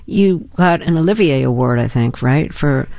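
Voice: medium pitch, animated, moderate pace, vocal fry, a little mellow. An interviewer with a mid-range voice leads long, rambling questions full of ums and likes. The sound is dry and close-miked, with no room echo. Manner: conversational, many ums and likes. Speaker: interview host.

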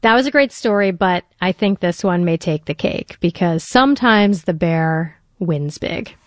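A woman's voice: lowish voice, lively intonation, measured pace, no echo, clean studio sound. A woman hosting a radio show, reading links in a friendly way.

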